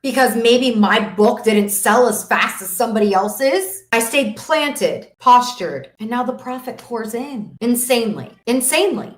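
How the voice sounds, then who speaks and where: A fervent woman preaches confidence to her audience in a fairly high voice. She swings from loud declarations to soft asides. The room around her is echoey. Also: animated, measured pace, few pauses. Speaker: business coach. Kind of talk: live-streamed motivational talk.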